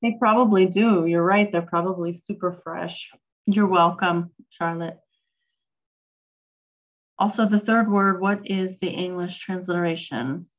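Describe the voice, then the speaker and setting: Lower-voiced woman teaching over a live chat. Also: fairly even intonation, a little slow, dull audio. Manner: chatty, reads chat aloud, frequent ums. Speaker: Hebrew teacher. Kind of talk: casual online lesson.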